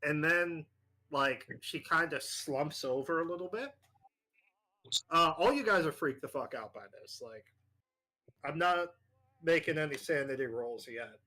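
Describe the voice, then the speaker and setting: A man acting as game master, narrating a tabletop horror game in a halting way with many fillers. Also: fairly high pitch, lively intonation, bright, forceful tone.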